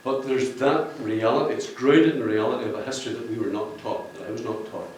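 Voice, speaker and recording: Fast and with a somewhat dark tone, a man with a mid-range voice addresses a book launch audience as the cover artist. He jokes, rambles, and laughs at his own gags in a function room. The recording is echoey, distant-miked, with slight background noise.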